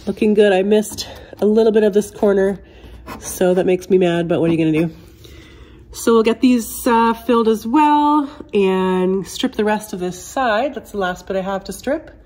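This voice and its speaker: A woman's voice: mid-range voice, normal speed, a little mellow. A woman with a cold and a nasal voice, casually explaining a furniture repair step by step as she works in a workshop. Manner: chatty, explains step by step to viewers. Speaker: furniture restorer. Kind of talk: casual how-to demonstration.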